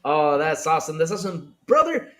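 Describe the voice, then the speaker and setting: Animated high-voiced podcast host. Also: male voice, a little fast, faint music behind. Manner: joking, animated, calls everyone brother. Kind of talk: casual gaming podcast chat.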